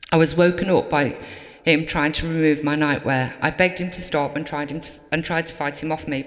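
Woman, steady personal testimony, long hall echo; talk to a crowd. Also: deep voice. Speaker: survivor giving a talk. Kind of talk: personal testimony read to an audience.

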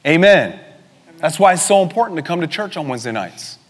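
A young man with a high, light voice preaches an energetic, conversational sermon, dropping in casual slang as he retells the stories. His voice carries a long reverb from the church hall he speaks in. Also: fairly quick.

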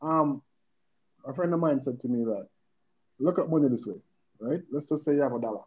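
A podcast guest with a medium-pitched, breathy-edged voice chats animatedly and a little fast, mixing in patois. He keeps checking in with the listener by asking "you understand?", and the sound is dull and lo-fi.

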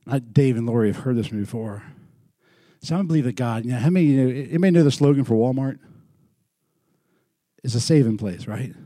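A middle-aged man preaching a sermon in a church, moving from loud, lively storytelling to quiet, earnest lows. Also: brisk, no echo, clean studio sound. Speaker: pastor.

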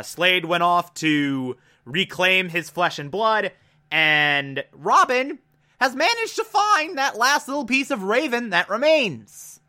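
A man's voice: sits high, sharp tone. A man giving casual review commentary on a cartoon episode, gushing and enthusiastic, with frequent "uh" fillers.

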